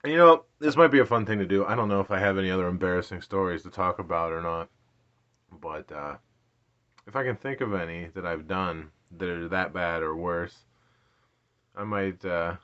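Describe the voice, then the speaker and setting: A man's voice: low voice, moderate pace, fairly bright tone. Late-30s man, self-deprecating storyteller with frequent laughter; dull lo-fi recording. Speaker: vlogger. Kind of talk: casual storytelling.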